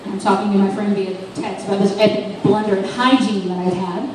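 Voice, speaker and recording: A woman's voice: medium pitch, steady tone, fairly quick. A young woman doing a stand-up comedy set, telling self-deprecating stories and chatting with the crowd. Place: bar open mic stage. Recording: echoey room, distant mic, background noise.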